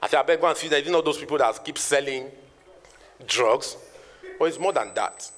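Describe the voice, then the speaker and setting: A man's voice: a little high, fairly quick, fairly bright tone. A Nigerian man in his thirties, a network marketing trainer, giving an emphatic motivational speech to an audience and repeating lines for effect. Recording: long reverb in a hall.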